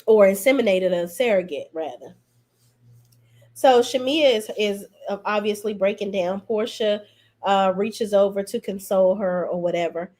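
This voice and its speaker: Woman podcaster, sassy and blunt, mid-pitched, slangy opinionated recap. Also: normal speed, a little mellow. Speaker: podcast host reviewing reality TV. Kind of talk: casual opinionated recap commentary.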